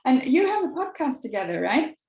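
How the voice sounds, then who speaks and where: A woman's voice: high-pitched, big pitch swings, brisk, a little mellow. A woman host asking her guests curious questions in a casual interview. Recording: echoey room.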